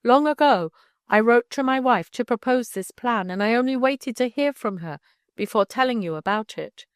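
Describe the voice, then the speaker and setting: A woman reading the part of a kindly older man who gently and earnestly persuades a young girl. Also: fairly high pitch, animated, moderate pace, dry recording, clean studio sound, voice pushed up, natural voice. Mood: gentle coaxing. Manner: warm, coaxing, persuasive.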